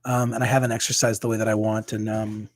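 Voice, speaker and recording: A man's voice: lowish voice, little pitch movement, fast, dry recording. A man, a priest, talking candidly and casually on a livestream, rambling with many fillers and restarts.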